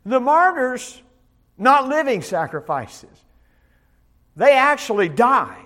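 A man preaching a Bible study sermon as pastor, emphatic, swinging between loud declarations and soft asides, often repeating words as he starts a phrase. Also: very high-pitched, big pitch swings, takes it slowly.

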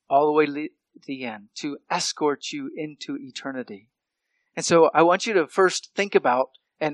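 A male preacher delivers a teaching sermon in a relaxed, conversational way, checking in with "right?" and restarting his phrases as he thinks. His voice sits a little high for a man. The sound is dry and close, with no room echo. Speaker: pastor.

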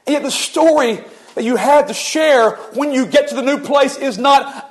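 A man's voice: extremely high pitch, moderate pace. A male pastor delivering a sermon, retelling scripture as a vivid, flowing story.

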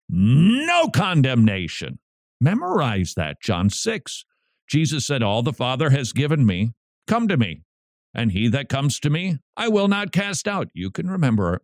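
Radio preacher-host, male, lively swooping delivery, dry studio mic, emphatic and rising to near shouts. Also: medium pitch, no echo. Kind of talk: animated Christian radio preaching.

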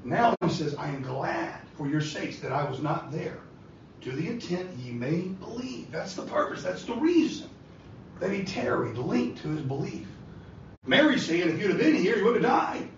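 A man's voice: high voice, sing-song, normal speed, slight background noise. A man preaching a sermon with an impassioned delivery that rises and falls, recorded in a church. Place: church sanctuary. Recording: echoey church hall from far off, dull and lo-fi.

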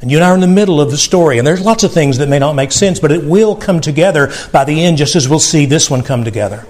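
A man's voice: on the high side, lively intonation, fast, a little mellow. A middle-aged man preaching a sermon, earnest and tender, often repeating words as he stresses a point. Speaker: pastor.

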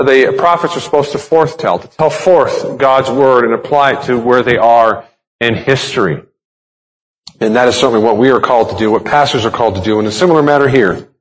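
A man's voice: medium pitch, fairly quick. A man preaching a sermon as a pastor, explaining a text step by step and asking rhetorical questions. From United States.

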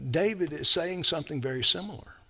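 Speaking fast and animatedly in a slightly high voice, a male preacher delivers a fervent sermon full of rhetorical questions, alternating between booming emphasis and soft, hushed moments.

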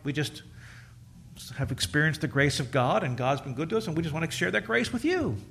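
A man's voice: a little high, lively intonation, a little fast, creaky, fairly bright tone, a little hiss or hum. A middle-aged male pastor preaching a sermon in a conversational, joking storytelling way, acting out quoted voices.

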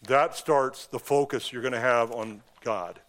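A pastor preaching a sermon in a church, emphatic and impassioned, with sudden rises and drops in pitch and loudness. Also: male voice, unhurried.

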